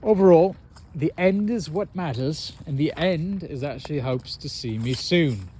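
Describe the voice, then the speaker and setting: A young American man in casual chat, telling an animated, self-mocking story and laughing often. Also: fairly high pitch, unhurried, breathy edge. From United States.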